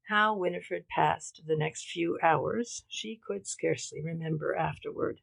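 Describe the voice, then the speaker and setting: A woman narrating a mystery audiobook in a measured, dramatic reading. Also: sits low, gravelly, no echo, rough recording. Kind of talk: scripted narration.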